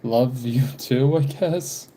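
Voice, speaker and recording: A young man live-streaming while doodling, talking casually in halting bits, sighing and apologizing because he has the hiccups. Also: medium pitch, warm tone. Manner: halting, apologetic, frequent sighs and small laughs.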